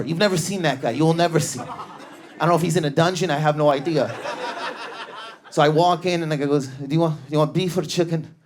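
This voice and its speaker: A man doing stand-up comedy on a club stage, telling stories with frantic, raging energy and sudden shifts in tone. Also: a little high. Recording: live club with crowd laughter.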